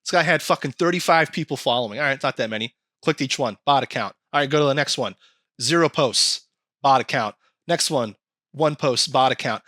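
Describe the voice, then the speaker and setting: Man, podcast co-host, bright edgy voice, dry close mic, animated, swears a lot. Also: medium pitch, fairly quick, dry recording. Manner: animated, swearing, acts out quoted comments. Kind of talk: casual podcast chat.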